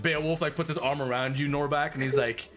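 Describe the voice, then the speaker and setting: A man narrating a tabletop game as game master, an animated storyteller full of fillers who laughs easily. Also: a little high, brisk.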